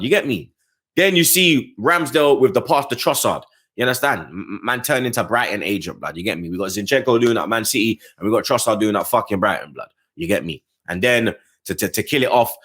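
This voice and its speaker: A football fan channel host gives a casual match review, his voice fairly bright with a breathy edge. He's slangy and full of asides to the listener, keeps adding "blood, you get me," and gets passionate, his pitch rising on the points he cares about.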